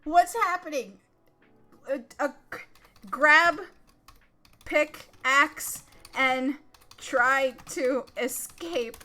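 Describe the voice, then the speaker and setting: A woman streamer playing a text adventure game live, reading it out and reacting in an excitable, dramatic way with lots of swearing. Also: high voice, extremely slow, pauses often.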